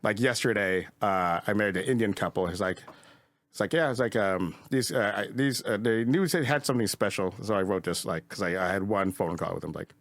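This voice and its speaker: Fast-talking low-voiced man telling stories. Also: a bit bright, dry recording. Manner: rambling, many "like" fillers, swears freely. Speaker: comedian guest. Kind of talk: casual podcast storytelling.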